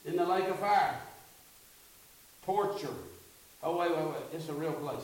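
This male preacher, pitched fairly high, talks a bit slowly and pauses often as his call-and-response sermon builds toward fervent climaxes. He's heard from afar in a reverberant church sanctuary.

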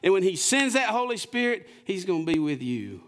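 A preacher voicing an eager, reassuring Jesus. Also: male voice, sits high, big pitch swings, a little fast, fairly bright tone, voice pushed up. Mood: promising. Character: Jesus, a calm reassuring grown man.

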